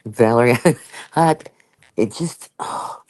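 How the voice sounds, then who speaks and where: A woman's voice: rumbling low, takes it slowly, darkish tone, low-quality recording. An older woman, hosting a casual live chat and talking in an emphatic, chatty way with frequent asides. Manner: chatty and emphatic, laughs often, with many asides. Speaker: live-stream host.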